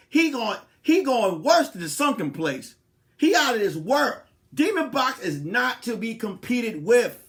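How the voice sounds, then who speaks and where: A man speaking with hosts a podcast as a comedian, riffing through a loud, repetitive, profane bit. His pitch jumps and swoops constantly as he builds each joke. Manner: animated, repetitive, profane storytelling. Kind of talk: comedic rant.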